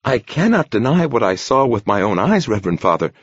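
Male reader as a frightened young novice who stammers, gravelly husky tone. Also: medium pitch, sing-song, fairly quick, no room sound, muffled recording, voice pushed up. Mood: timid. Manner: stammering, timid. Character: terrified stammering teenage boy novice.

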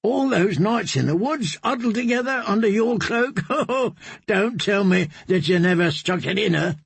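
A man's voice: high-pitched, lively intonation, normal speed, vocal fry, slightly rough, no echo, pitched above the performer's own voice, full character voice. A man voicing a drunken, boastful young male singer who teases and swaggers in an audiobook. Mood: tipsy boastful. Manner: teasing, swaggering.

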